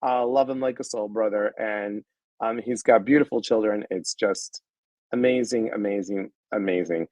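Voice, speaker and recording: A man hosting a wellness livestream in casual chat, speaking warmly to his viewers and acting out past conversations. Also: lowish voice, steady tone, moderate pace, no echo, rough recording. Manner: effusive and heartfelt, retelling conversations with quoted voices; talks straight to viewers, greeting them by name.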